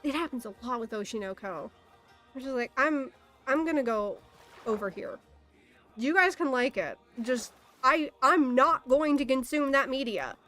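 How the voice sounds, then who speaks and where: A woman's voice: sits high, animated, normal speed, sharp tone, soft background music. A young woman in a casual, exasperated ranting monologue, swearing often and laughing in disbelief. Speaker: streamer.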